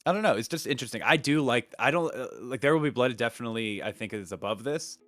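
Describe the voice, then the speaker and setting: A man's voice: medium pitch, fast, fairly bright tone, dry recording. A young man co-hosting a casual film podcast, rambling with many fillers and restarts. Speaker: podcast co-host.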